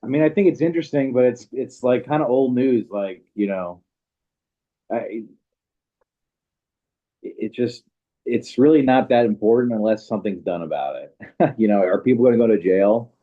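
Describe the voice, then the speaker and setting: A man's voice: mid-range voice, moderate pace, long pauses. A man co-hosting a casual livestream, sounding skeptical and hesitant, with many "you know"s. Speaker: co-host. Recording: dull lo-fi audio.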